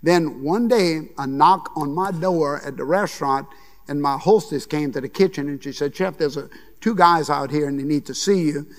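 Older man, Cajun accent, folksy keynote storyteller, gravelly, big reverberant conference hall. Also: fairly high pitch, normal speed. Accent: Cajun Louisiana. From Louisiana, USA. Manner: folksy, animated storyteller acting out dialogue. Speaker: chef giving a conference talk. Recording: long reverb of a large hall.

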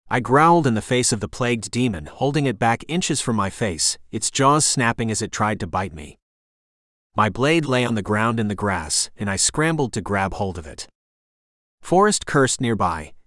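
A man reading a first-person fantasy audiobook in a steady, gritty storytelling manner. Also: lowish voice, dry recording, studio quality. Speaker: audiobook narrator.

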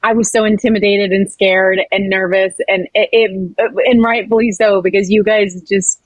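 Woman, podcast guest, casual chat, gushing and friendly, mid pitch, dry sound. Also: flat delivery, normal speed, no room sound, poor audio. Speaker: guest actor.

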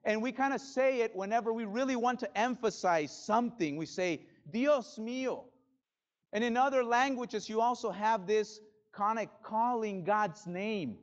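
A male pastor preaching a sermon in a church, dramatic, swinging from loud bursts to hushed drops. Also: high-pitched, lo-fi sound. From Spanish-speaking background. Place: church sanctuary.

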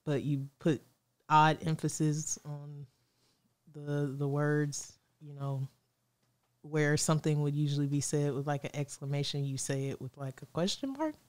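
A woman's voice: low-pitched, unhurried, a little mellow. A woman co-hosting a podcast, teasing and playful in casual chat. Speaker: podcast co-host.

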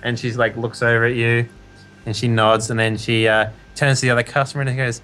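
Male GM, bright voice, rambling "sort of, like" narration, faint music underneath. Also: medium pitch, level tone, fairly quick, clean tone. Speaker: game master. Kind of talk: narrating a tabletop game.

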